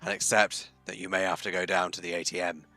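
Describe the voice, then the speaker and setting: A man's voice: low voice, level tone, fast, pushed and bright. A man voicing a scruffy, plump male fixer in a Cockney accent while reading a story game. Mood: brash.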